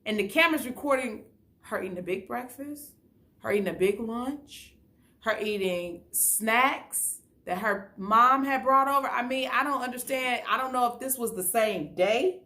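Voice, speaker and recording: A woman's voice: a little high, moderate pace, pushed and bright. A woman giving a casual, chatty recap of a TV episode, often retelling scenes in quoted dialogue. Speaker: YouTube reality-show recapper.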